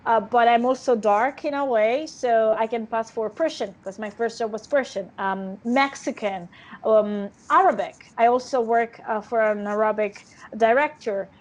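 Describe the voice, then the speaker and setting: An actress with an Italian accent in a casual interview, talking freely with frequent laughter and restarts. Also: female voice, fairly high pitch, normal speed, highs cut off. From Italy. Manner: chatty, laughs often, many restarts.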